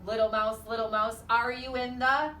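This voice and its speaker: A woman preschool teacher reading a storybook aloud and leading a guessing game in an animated, encouraging, singsong way. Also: fairly high pitch, normal speed, far from the mic. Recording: echoey room, off-mic, faint hiss.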